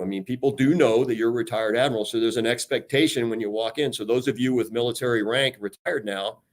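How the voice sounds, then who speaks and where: A man's voice: medium pitch, fast talker, hardly any pauses. An older man, a retired admiral, talking on a radio show about leadership with passion and energy, acting out quoted lines as he goes. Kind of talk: casual radio talk on leadership.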